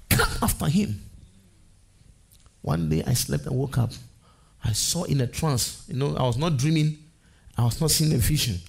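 Gravelly, animated preaching man. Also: a little high. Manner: preaching with swelling, repeated declarations. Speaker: pastor. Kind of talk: sermon.

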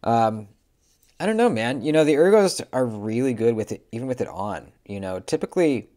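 A young man casually reviewing pocket knives, relaxed and chatty, with lots of fillers. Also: mid-range voice, moderate pace. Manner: laid-back, lots of "um" and "man". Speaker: knife reviewer.

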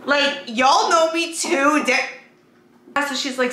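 A woman vlogger chatting casually to her viewers in an excitable, chatty way, swearing now and then. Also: sits high, takes it slowly. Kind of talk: casual haul vlog chat. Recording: echoey room with faint background noise.

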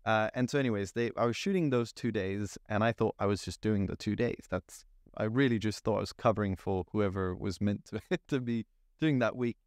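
A young man from France, telling a lively story as a podcast guest, with many fillers and restarts. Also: lowish voice, brisk, dry recording, clean studio sound. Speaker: guest, cinematographer. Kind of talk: casual storytelling interview.

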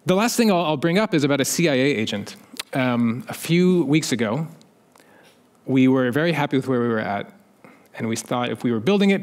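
Conversational man with a fairly high voice. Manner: conversational, wry asides, quotes others in a lifted voice. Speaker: conference panelist. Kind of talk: conference talk. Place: conference stage.

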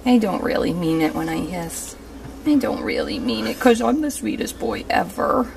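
A woman giving voice to a shy, scared but sweet male house cat, speaking softly and pleadingly. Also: lowish voice, huge pitch swings, moderate pace, creaky, full character voice. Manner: soft, pleading, reassuring. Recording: noisy room recording.

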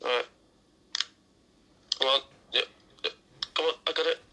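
A man's voice: mid-range voice, steady tone, a little slow, background noise. A man playing a game with a friend, talking casually with panicky, swearing outbursts. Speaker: co-player. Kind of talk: casual gameplay chat.

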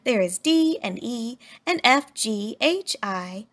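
A woman voicing a patient, kindly female schoolteacher who speaks clearly, as if explaining a lesson. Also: on the high side, lively intonation, slow. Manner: clear and instructive.

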